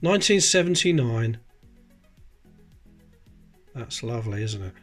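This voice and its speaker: A man's voice: mid-range voice, sing-song, measured pace, soft background music. Chatty man sorting coins. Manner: chatty, explains details while handling coins. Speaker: coin collecting channel host. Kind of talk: casual coin-sorting commentary.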